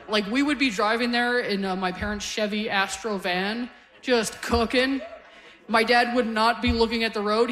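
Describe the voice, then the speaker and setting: A woman's voice: fairly high pitch, fairly bright tone. Self-deprecating Canadian woman comic in her forties. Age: 40s. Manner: chatty and self-deprecating, laughing through her punchlines. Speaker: stand-up comedian. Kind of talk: stand-up comedy set. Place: comedy club stage.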